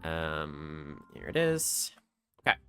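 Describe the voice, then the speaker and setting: A man narrating a tabletop role-playing game as game master, with frequent pauses and fillers. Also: a bass voice, big pitch swings, bright, forceful tone, clear, resonant tone, faint music behind. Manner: rambling with fillers.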